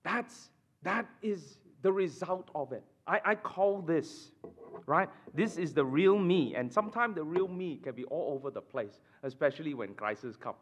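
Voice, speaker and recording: Slow, lively pastor preaching. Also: male voice, a little high. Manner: animated, emphatic preaching with sudden drops to quiet; repeats and restarts phrases, addresses the congregation with "right?". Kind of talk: sermon. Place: church.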